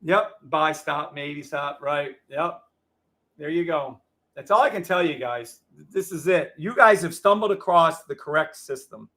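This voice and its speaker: A man hosting a live trading show, ranting in a loud, profane, combative way to his viewers. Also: on the high side, expressive, measured pace. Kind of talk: heated livestream rant.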